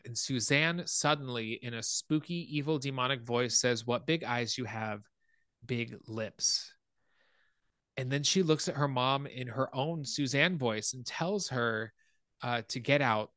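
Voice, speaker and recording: A man hosting a podcast, casually retelling a film scene by scene and getting animated at the scary parts. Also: moderate pace, dry recording, clean studio sound. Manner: animated storytelling, rises in pitch when excited. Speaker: podcast host.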